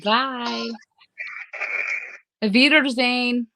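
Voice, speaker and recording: A woman's voice: on the high side, fairly even intonation, extremely slow, sharp tone, no echo, poor audio. A woman guesting as a psychic medium on a livestream, joking and laughing easily. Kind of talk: casual livestream chat.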